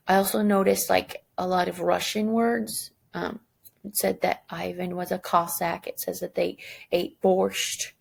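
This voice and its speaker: A woman's voice: lowish voice, fairly even intonation, a little slow, vocal fry, breathy edge. A woman teacher giving a recorded lesson, chatty and self-deprecating, thinking aloud as she goes.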